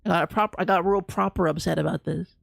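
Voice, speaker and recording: A streamer rants casually during a live game, talking fast with lots of restarts and slang. The voice is medium-pitched, gravelly, a bit bright and fairly even in intonation, recorded dry on a close mic with faint game music.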